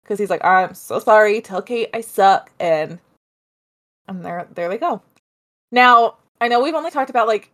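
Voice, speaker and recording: Chatty woman telling a spooky story. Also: medium pitch. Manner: chatty, animated, with asides and laughs. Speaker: podcast co-host telling a story. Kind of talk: casual storytelling chat.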